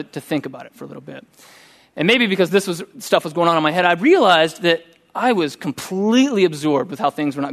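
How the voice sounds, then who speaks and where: Animated man preaching a sermon. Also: fairly high pitch, vocal fry. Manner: conversational, animated storytelling. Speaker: pastor. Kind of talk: sermon with personal story.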